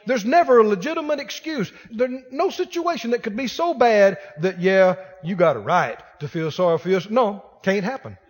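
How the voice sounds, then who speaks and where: High-voiced man preaching emphatically. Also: expressive, moderate pace, few pauses. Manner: emphatic, repetitive preaching exhortation; addresses the congregation directly. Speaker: pastor. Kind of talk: sermon. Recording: long hall reverb.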